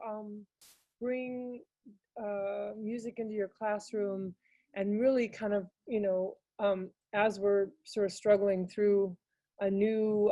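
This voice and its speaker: Mellow woman presenting on a video call. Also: no echo. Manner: casual and hesitant, many fillers, bursts into high singing demonstrations. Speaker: music teaching artist presenter. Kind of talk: webinar talk.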